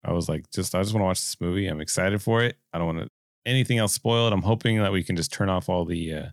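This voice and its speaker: A man's voice: sits low, no echo, studio quality. A man co-hosting a podcast, chatting casually in an easygoing way with fillers. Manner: easygoing, fillers, says dude. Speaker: podcast co-host. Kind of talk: casual chat.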